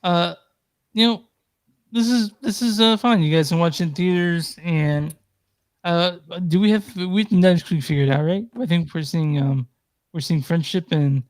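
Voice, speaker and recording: A man's voice: fairly high pitch, normal speed, dry recording. A man co-hosting a movie podcast, talking in an easygoing, hesitant way. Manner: easygoing, hesitant, lots of fillers. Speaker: podcast co-host. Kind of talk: casual chat.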